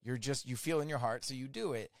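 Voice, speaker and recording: A man's voice: medium pitch, fairly quick, no room sound. Male host reflecting on faith stuff, lots of "so good", dry mic. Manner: affirming, reflective, many "so good" replies. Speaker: interview host. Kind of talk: casual faith conversation.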